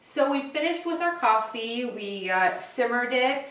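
Chatty woman, bright echoey kitchen. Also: on the high side, unhurried, slight background noise. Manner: chatty, relaxed, with frequent "uh" and "um" fillers. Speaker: cooking show host. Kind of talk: casual cooking demonstration.

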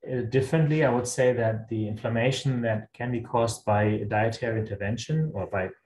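A man with a German accent, a guest lecturer answering questions in a webinar in a measured, explanatory way. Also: mid-range voice, a little mellow. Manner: measured, explanatory, thinks aloud. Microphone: video call. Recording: echoey room with faint noise.

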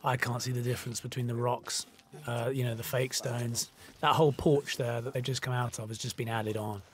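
A man's voice: medium pitch, little pitch movement, fairly quick. British man rambling through film commentary. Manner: conversational, rambling with many fillers. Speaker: film director.

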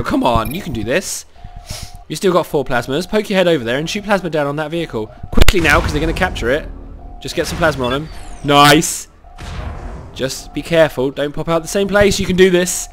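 A man with a cold giving excitable live commentary over his own gameplay, cheering on teammates and talking to himself. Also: fairly high pitch. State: has a cold.

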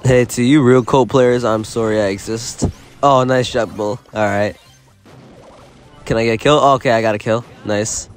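A man giving live gameplay commentary, excitable and self-mocking, often yelling in bursts, his voice going hoarse. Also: mid-range voice, moderate pace, faint music behind. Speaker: gaming YouTuber.

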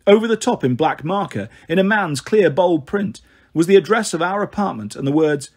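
Husky-voiced man narrating a story. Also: on the high side, fairly quick. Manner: first-person storytelling, steady reading. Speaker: audiobook narrator. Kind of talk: scripted narration.

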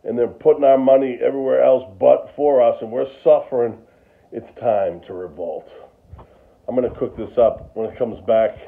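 A man's voice: medium pitch, normal speed, creaky. Goofy man ranting over tinny sound. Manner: goofy, jokey, turns to angry political ranting. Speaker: home cooking vlogger. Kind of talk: casual cooking chat and rant. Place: home kitchen.

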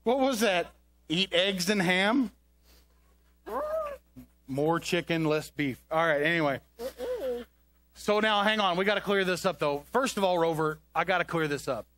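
A man's voice: a little high, moderate pace, a bit bright, no echo. A man presenting a comedic kids' skit on a church stage, talking into a handheld microphone to a puppet dog in an exasperated, coaxing way. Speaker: children's ministry presenter.

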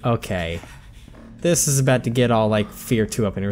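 A man's voice: fairly low pitch, normal speed, darkish tone, faint music behind. A man giving jumpy horror game commentary, talking to himself and swearing when startled. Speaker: let's play commentator.

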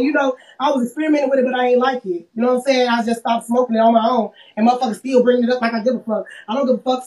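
A woman's voice: sits high, darkish tone. A woman from South Carolina, ranting on a live stream in a profane, defiant way, hurling repeated insults. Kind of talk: heated live-stream rant. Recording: echoey room from a distance, faint noise.

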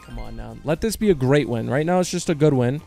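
A man giving casual slot gameplay commentary, joking in slang, swearing a lot and breaking into high yells on big wins. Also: expressive, fast, creaky, soft background music. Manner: slangy and joking, talks to viewers as bro and partner. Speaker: slot streamer.

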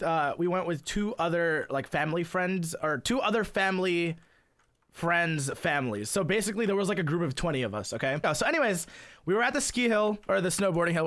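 High-voiced man rambling through a funny story. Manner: rambling, full of "like" fillers and swearing; grows loud and excited at the peaks of the story. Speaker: gaming streamer telling a story. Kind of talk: casual comedic storytelling.

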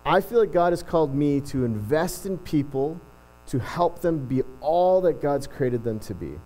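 Middle-aged male pastor, relaxed storytelling sermon, light voice, faint electrical hum. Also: a little high, low-quality recording. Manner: chatty, self-deprecating, frequent restarts. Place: church.

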